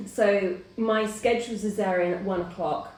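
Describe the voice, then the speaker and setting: A woman's voice: medium pitch, a little slow. Middle-aged woman telling a story, roomy sound. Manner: animated storyteller who acts out quoted voices. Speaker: host. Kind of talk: casual chat, personal storytelling. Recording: roomy, distant mic.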